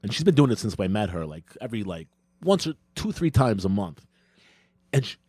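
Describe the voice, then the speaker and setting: A man's voice: on the low side, brisk, slightly rough. A young man co-hosting a comedy podcast tells loose, rambling stories into a close podcast microphone. His voice moves up and down a lot, and the room adds no echo. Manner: rambling, animated storytelling. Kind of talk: casual comedic chat.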